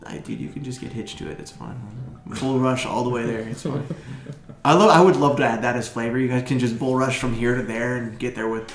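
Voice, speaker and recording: A man's voice: mid-range voice, steady tone, a little fast. A man narrating as dungeon master in a casual, laughing way. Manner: laughing, loose delivery. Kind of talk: casual tabletop game narration. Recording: echoey room with music behind.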